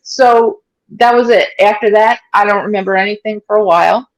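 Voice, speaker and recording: A woman's voice: medium pitch, a little fast, poor audio. A woman in her forties telling her own story in an interview, conversational and full of fillers, acting out what people said. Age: 40s. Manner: conversational, many fillers, acts out quoted speech. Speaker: interviewee, stroke survivor.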